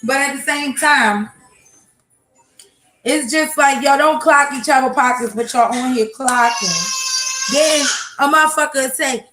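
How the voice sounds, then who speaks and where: A woman rants to her livestream viewers at home, blunt and profane and talking straight to her chat. Her voice sits high. The phone picks up a roomy echo with a little faint noise behind her. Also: measured pace, pauses often. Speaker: livestream host. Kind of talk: casual morning livestream talk. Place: home, kitchen. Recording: echoey room with faint noise.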